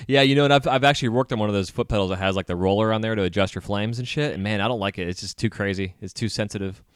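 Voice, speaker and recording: A man hosts a casual podcast interview, easygoing and quick to chime in with agreement. His voice is low and smooth, and he talks at a fast clip. The sound is dry and close. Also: dry recording. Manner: easygoing, laughs along, quick affirmations. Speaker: podcast host.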